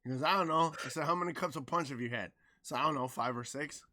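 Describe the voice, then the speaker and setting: A man's voice: fairly high pitch, fast. A man co-hosting a podcast, telling a story in casual chat, swearing freely and acting out the people he quotes. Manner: animated, swearing, acts out quotes loudly. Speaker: podcast co-host.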